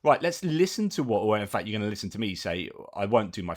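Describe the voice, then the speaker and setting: Man, news commentary host, low-ish voice, casual and chatty, keeps correcting himself, reads out quotes. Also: very animated, quick pace, few pauses. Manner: chatty, self-correcting, with frequent asides; reads quoted statements aloud in between comments.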